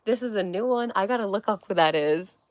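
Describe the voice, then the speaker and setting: Young woman streamer, mid-pitched, loose rambling chat with viewers, cursing casually; dry close-mic sound. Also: fairly quick, no room sound. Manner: rambling, reads chat aloud, swears freely. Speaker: livestream host.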